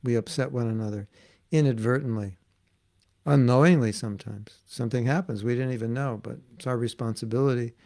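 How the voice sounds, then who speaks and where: A man leads an informal devotional class, telling stories in a chatty, amused way. His mid-pitched voice has a gravelly, creaky edge. He often acts out the voices of the people in his stories. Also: fairly even intonation, a little fast, a little mellow. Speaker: spiritual teacher giving a class.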